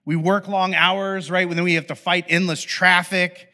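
A man's voice: high voice, little pitch movement, moderate pace, pushed and bright. A man preaching a sermon, telling a story with playful acted-out asides. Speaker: pastor. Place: church podcast recording.

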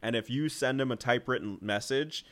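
A young man co-hosting a movie podcast, talking in loose, rambling casual chat at a middle pitch. He piles up fillers and slips into quick put-on voices when he retells scenes. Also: a bit bright. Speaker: podcast co-host.

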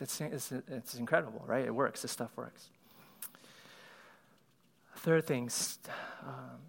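A man's voice: medium pitch, fairly bright tone. A man giving a conversational sermon, laughing lightly and often asking his listeners "right?".

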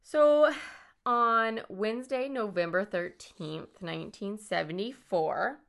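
A woman's voice: mid-range voice, slow pace, creaky, a bit bright. A woman casually recounting a true-crime story as a podcast co-host, joking and swearing along the way. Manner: swearing, joking, playful mock voices.

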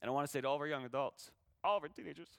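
Pastor guy preaching, bright crisp voice, goes soft then loud, kinda choked up, dry close mic. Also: a little high, racing, no echo. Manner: swings from hushed tender lines to loud rising exhortation. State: emotional, near tears. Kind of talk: sermon.

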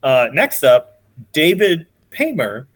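A man's voice: a little high, wildly swooping pitch, slow, no room sound. Upbeat man hosting, dry close sound. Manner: upbeat, runs the segment, laughs easily. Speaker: podcast co-host. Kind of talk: casual chat.

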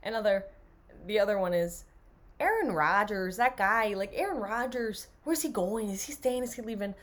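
A woman's voice: medium pitch, lively intonation, normal speed, a bit bright. A young woman co-hosting a casual sports podcast, chatty and enthusiastic, laughing often. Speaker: podcast co-host.

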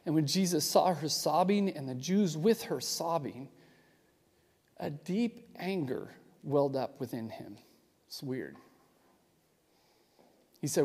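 A pastor giving a sermon in a casual, explanatory way, often adding quick asides to the listeners. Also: male voice, medium pitch, darkish tone. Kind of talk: conversational sermon. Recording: long reverb of a large hall.

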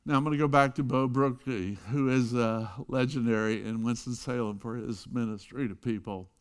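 Middle-aged pastor preaching, goes loud then drops real quiet, normal mid voice. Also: male voice, medium pitch, steady tone, normal speed, smooth. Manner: storytelling with wide swings between loud emphasis and hushed quiet. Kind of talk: sermon.

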